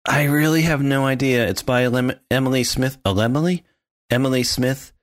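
A man co-hosting a podcast in casual chat, animated and mimicking sounds as he describes scenes. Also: medium pitch, brisk, dry recording, studio quality. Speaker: podcast co-host.

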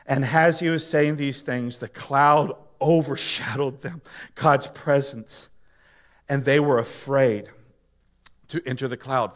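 A male pastor preaching a sermon, swinging from loud emphatic exhortation to hushed, soft appeals. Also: medium pitch.

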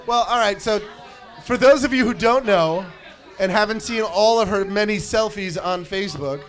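A man's voice: high voice, normal speed, a crowd in the background. A man hosting a rowdy live show, teasing his guests with crude jokes and frequent laughter. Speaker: show host. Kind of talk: bantering live show chat.

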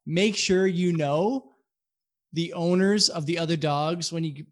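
A man's voice: a little high, measured pace. Rambling, profane storyteller man. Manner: rambling, profane, animated retelling. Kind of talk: casual storytelling among friends.

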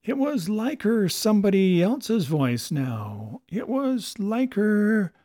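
A man voicing a superstitious, jittery male pirate crewman who speaks rough sailor dialect. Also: high voice, sing-song, slow, warm tone, no echo, studio quality, voice pushed up, full character voice. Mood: musing.

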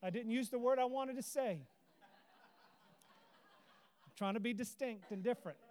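A man's voice: extremely high pitch, normal speed, a little mellow. A man preaching an impassioned, earnest sermon, his voice rising into emotional cries, at times teary. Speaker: pastor.

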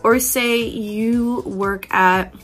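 A woman's voice: on the high side, steady tone, drawn-out words, fairly bright tone, soft background music. A woman hosting a casual self-help podcast, swearing freely, laughing often and acting out her own inner voice. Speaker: podcast host.

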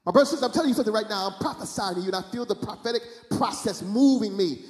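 A man preaching a fervent sermon as pastor, often breaking into hallelujahs and shouting in a sing-song way at the peaks. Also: high voice, very fast, few pauses. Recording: echoey reverberant room.

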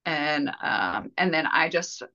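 A woman telling a personal story as a podcast guest, candid and rambling with fillers and soft laughs. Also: low voice, animated, slow pace, dull audio.

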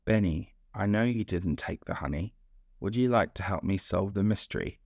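Brave little bee girl from a storybook, determined, voiced by a man low and gravelly. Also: normal speed, darkish tone, no room sound, studio quality. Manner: determined, earnest.

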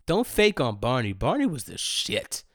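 A man in his thirties tells a story in a loose, slangy way at a middle pitch. He laughs often and repeats his lines for effect. The sound is dry and close. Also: wildly swooping pitch, moderate pace, a bit bright, no room sound. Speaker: host. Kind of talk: solo storytelling podcast.

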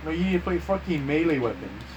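A quick-paced, expressive man with a fairly high pitch tells friends long, foul-mouthed stories, full of slang such as "bro" and "dude." He changes his voice to act out quotes as he rambles through casual chat. The sound is lo-fi, with background noise.

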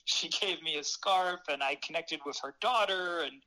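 A former reporter tells a long anecdote as an interview guest, animated and quick to laugh. His voice sits a bit high and sounds bright and forceful, with plenty of fillers. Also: low-quality recording. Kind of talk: casual storytelling.

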